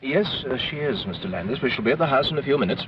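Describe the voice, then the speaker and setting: A man's voice: medium pitch, lively intonation, quick pace, lightly acted. Formal polite chauffeur, a man acting it, dull 1960s TV track. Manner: formal, courteous. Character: polite, proper chauffeur Hunter. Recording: dull lo-fi 1960s TV sound, hiss.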